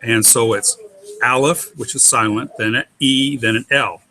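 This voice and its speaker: A man teaches Hebrew syllable patterns step by step, spelling out letters slowly and carefully. His voice is bright and clear, at an ordinary middle pitch. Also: fairly even intonation. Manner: patient, methodical, spells out letters.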